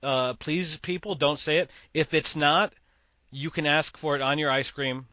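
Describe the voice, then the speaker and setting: A man's voice: on the high side, steady tone, measured pace, sharp tone, no room sound, muffled recording. A man from Massachusetts hosting a podcast, giving opinionated, rambling movie takes. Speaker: podcast host. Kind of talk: casual movie chat.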